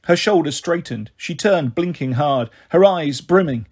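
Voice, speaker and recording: A man reading a children's novel aloud in a steady, even storytelling voice. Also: fairly high pitch, unhurried, breathy edge. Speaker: audiobook reader.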